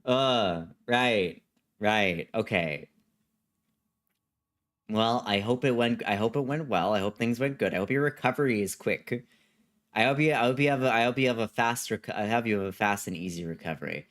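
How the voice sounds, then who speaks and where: A man's voice: on the low side, normal speed, a bit bright. A man streaming a video game live, chatting casually with viewers in a rambling way and often repeating himself. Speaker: gaming livestreamer. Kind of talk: casual live-stream chat reading chat messages.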